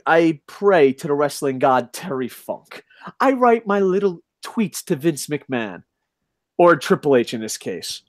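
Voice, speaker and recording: A man co-hosting a casual podcast, ranting loudly with lots of swearing. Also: medium pitch, dry recording. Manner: loud, profane ranting. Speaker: podcast co-host.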